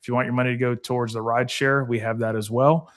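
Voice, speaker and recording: A man who founded a veterans foundation appears as a guest on a podcast, talking casually but earnestly and from the heart, filling his speech with "like" and "uh." His medium-pitched voice is level, fast, and a bit bright.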